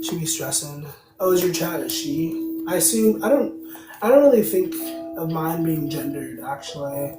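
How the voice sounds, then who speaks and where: A man hosts a tarot reading livestream, chatting loosely and reading viewer comments aloud as he responds. His voice is slightly high and animated at normal speed, picked up by a distant mic in a roomy space with music playing behind him.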